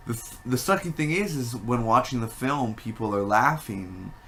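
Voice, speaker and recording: A man giving a casual spoken movie review, rambling and animated, with many fillers and restarts. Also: mid-range voice, moderate pace, vocal fry, a little hiss or hum.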